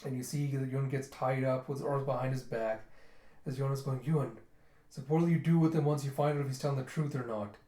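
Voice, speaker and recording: A man recaps a comic chapter in an easy, casual way. He keeps breaking into little voices for each character, so the retelling sounds animated. His voice sits at an average pitch and carries the echo of a roomy space. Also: a little fast. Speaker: manga reviewer reading aloud. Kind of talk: casual manga readthrough.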